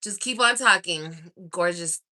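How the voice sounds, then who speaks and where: A woman's voice: lowish voice, a little slow. A young woman vlogging at home at night, chatting casually in a gossipy way, swearing, sighing and laughing often. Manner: gossipy, animated, swears, laughs and sighs a lot. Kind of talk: casual chat to camera.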